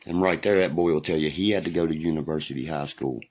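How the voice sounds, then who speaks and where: A man chatting on a livestream, telling profane stories loudly and answering viewers' comments. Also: extremely low pitch, fast talker. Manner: profane, loud storytelling, reads and answers comments. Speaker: livestream host. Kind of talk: casual livestream chat, reminiscing. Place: home livestream.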